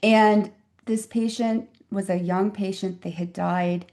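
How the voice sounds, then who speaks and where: A woman's voice: mid-range voice, steady tone, slow, a little mellow. Earnest woman in her fifties, reflective. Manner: earnest, reflective, emphatic storyteller. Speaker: physician guest. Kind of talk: conversational interview storytelling.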